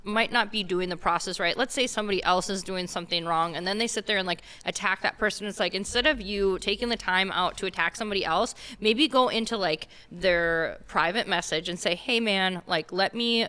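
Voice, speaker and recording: Bright-voiced woman rambling on a podcast. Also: medium pitch, fairly quick, hardly any pauses, clean tone. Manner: rambling, filler-heavy, frequent restarts. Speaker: podcast guest, car detailer. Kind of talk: casual podcast chat.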